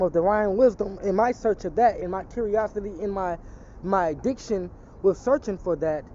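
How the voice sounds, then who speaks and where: A man's voice: sits high, mellow, muffled recording, a little hiss or hum. A man telling a personal testimony in casual street talk, rambling and profane, slipping into an emphatic preaching tone.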